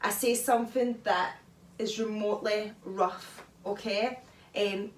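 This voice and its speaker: A woman vlogger talking through advice in a chatty, animated way, often laughing, recorded at home. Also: medium pitch. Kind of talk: casual advice talk. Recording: echoey room, mic far off.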